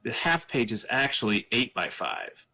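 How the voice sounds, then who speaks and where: A man's voice: medium pitch, wildly swooping pitch, normal speed, creaky, pushed and bright, poor audio. A man from the United States with a slight Texan accent, chatting casually on a podcast, joking and going off on tangents. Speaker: podcast guest.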